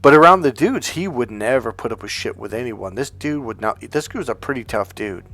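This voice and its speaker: A man's voice: medium pitch, expressive, a little fast, a bit bright, soft background music. A man giving a casual, blunt lecture as a dating coach, swearing freely and telling anecdotes. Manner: blunt, profane, emphatic.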